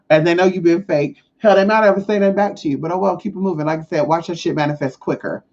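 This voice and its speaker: A woman's voice: fairly low pitch, quick pace, muffled recording. Blunt, profane woman livestreaming. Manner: blunt and profane, with lively acted-out quotes. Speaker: spiritual advisor hosting a live stream. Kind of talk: casual live-stream talk.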